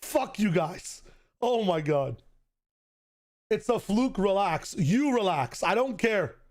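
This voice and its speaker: Hoarse high-voiced man ranting. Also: very animated, slow pace. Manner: ranting, profane, emphatic. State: hoarse, voice gone. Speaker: streamer. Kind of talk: casual stream commentary.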